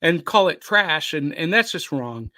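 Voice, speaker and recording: A man's voice: fairly high pitch, expressive, unhurried, pushed and bright, no room sound. A man hosting a podcast on a live stream, chatting casually and reading viewer comments aloud. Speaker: podcast host.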